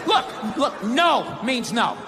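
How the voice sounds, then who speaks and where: A man doing a loud, mocking stand-up bit, shouting his punchlines. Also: extremely high pitch, very animated, takes it slowly. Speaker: stand-up comedian. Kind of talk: stand-up routine. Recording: live hall with loud crowd and noise.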